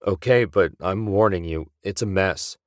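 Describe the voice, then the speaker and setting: A man's voice: deep voice, measured pace, no echo, studio quality. A man playing a blunt, skeptical ship technician.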